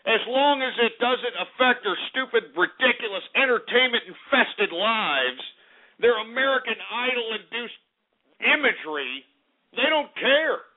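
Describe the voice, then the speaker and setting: Ranting high-voiced male radio host. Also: lively intonation, a little slow. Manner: angry, ranting, profane and insulting. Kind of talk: call-in radio rant. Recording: tinny phone-like radio audio.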